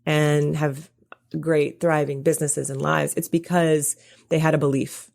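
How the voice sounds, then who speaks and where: Low-pitched woman coach on a podcast, earnest, reassuring, gives lots of examples. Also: level tone, measured pace, vocal fry, a little mellow. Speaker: guest, business coach. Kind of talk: casual interview chat.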